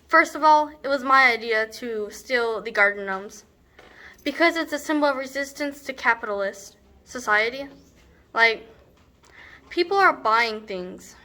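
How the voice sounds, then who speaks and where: A woman's voice: on the high side, expressive, unhurried, pushed and bright. A young woman performing a comedic monologue as a brash, scornful teenage girl, rambling with sarcastic asides. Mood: exasperated. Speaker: student actor.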